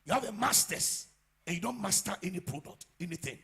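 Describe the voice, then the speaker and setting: Man, Ghanaian English accent, pastor's sermon, high lively voice, gravelly and husky. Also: brisk. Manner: animated preaching, swinging from quiet asides to shouts. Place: church.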